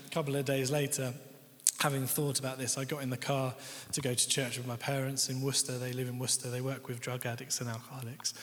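A young man giving a candid, conversational personal testimony as a guest speaker in a church. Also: mid-range voice. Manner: candid, conversational, quotes others' words. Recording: long hall reverb.

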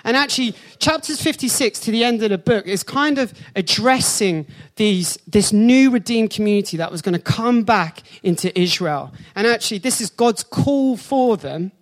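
The speaker is a pastor giving a sermon full of personal stories and jokey, animated reactions. Excitement pushes his voice high whenever he reacts, but he slows down and softens as he lands the spiritual point.

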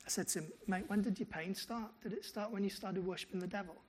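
High-voiced male pastor preaching. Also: quick pace, slightly rough. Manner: animated storytelling with quoted dialogue. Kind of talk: sermon.

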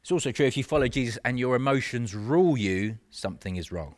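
A man's voice: medium pitch, animated, fast. A man preaching a sermon in an earnest, conversational way, with self-mocking asides.

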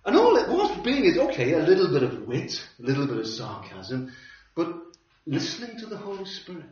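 A man preaching a sermon, telling a story with wry humor and lively delivery. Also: on the high side, a little fast, a loud crowd. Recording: roomy hall from a distance, dull sound.

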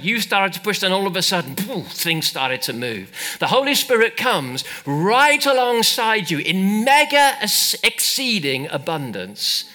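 Bright-voiced preacher, emphatic. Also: male voice, fairly high pitch. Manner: animated, emphatic, calls out to congregation. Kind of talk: sermon.

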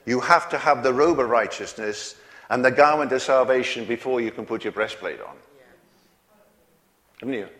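A man delivers a sermon with a homely, chuckling manner, tossing rhetorical questions to his listeners. His voice sits at an ordinary pitch for a man. A long reverb trails behind him in a large hall. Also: moderate pace, long pauses, fairly bright tone. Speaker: preacher.

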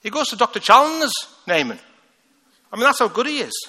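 Male preacher, comic and chatty, very bright tone, echoey church hall. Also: very high-pitched, big pitch swings, fast. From north of England. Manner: humorous, conversational, laughing at his own jokes. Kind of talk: sermon. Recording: echoey hall with long reverb.

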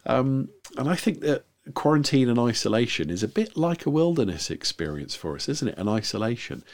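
A man's voice: medium pitch, a little fast. A man preaching a sermon in a conversational style, with many fillers and restarts. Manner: conversational, animated delivery with frequent fillers. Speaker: guest preacher. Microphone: video recording for online viewers.

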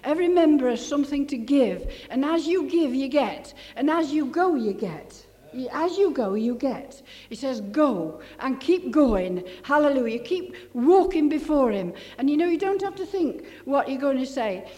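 An older woman, preaching a testimony sermon, rambling and halting, then rising to fervent exclamations. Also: high-pitched, expressive, dark tone. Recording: long hall reverb.

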